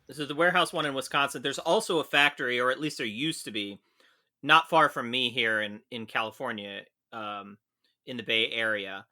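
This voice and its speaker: Animated, bright-voiced male storyteller. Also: mid-range voice, a little fast. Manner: animated, laughs often, swears freely. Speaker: podcast co-host. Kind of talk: casual comedic storytelling.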